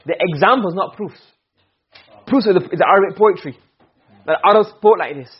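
A man teaching Arabic rhetoric in a classroom lecture, posing questions and answering them himself, and quickly chanting Arabic verse between his English explanations. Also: high voice, breathy edge. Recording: dull lo-fi recording.

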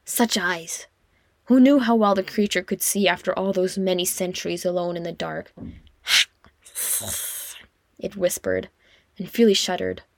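A woman reading fiction aloud as an audiobook narrator, in an expressive storytelling manner. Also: fairly low pitch, unhurried, creaky, long pauses, no room sound, studio quality. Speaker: audiobook reader.

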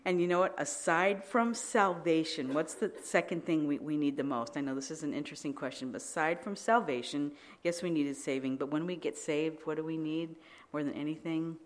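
A middle-aged woman preaching a sermon, telling animated stories with frequent laughter and restarts. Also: low voice, brisk, few pauses.

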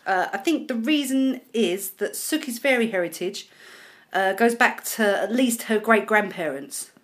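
A woman's voice: medium pitch, lively intonation, measured pace. A woman co-hosting a podcast, chatting casually about a TV episode and laughing often between points. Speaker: podcast co-host. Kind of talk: casual chat recapping a TV episode.

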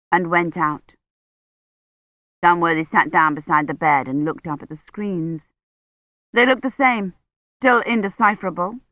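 An audiobook narrator reading a novel in a measured, even way. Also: mid-range voice, no echo, lo-fi sound. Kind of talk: scripted narration.

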